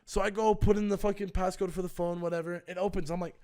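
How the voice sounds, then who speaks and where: A man's voice: high-pitched, level tone, quick pace, few pauses, mellow. A young man in his twenties, a streamer casually telling a story with lots of swearing and acting out both sides of the phone calls.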